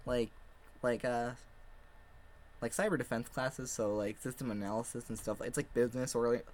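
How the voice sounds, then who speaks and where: A man's voice: medium pitch, steady tone, moderate pace, a little hiss or hum. A young man in college chatting casually on a podcast, rambling with lots of fillers and frequent laughter. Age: young adult. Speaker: podcast guest.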